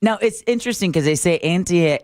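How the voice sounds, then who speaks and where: A man's voice: high-pitched, lively intonation, a little mellow, no echo. Man, radio co-host, wry, casual banter, dry close studio sound. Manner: wry, quick to laugh along.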